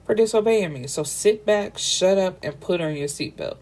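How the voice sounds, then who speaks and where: A possessive, menacing lover issues blunt, slangy commands, read out by a woman. The voice sits fairly low and plain, like a book being read aloud at home. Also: expressive, normal speed, darkish tone. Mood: controlling. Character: controlling possessive young man, menacing lover.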